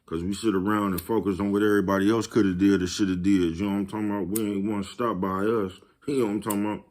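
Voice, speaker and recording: Here a vlogger talks fast with a flat delivery, his lowish voice carrying a darkish tone. It's a laid-back, repetitive chat straight to camera, and he keeps laughing at his own jokes.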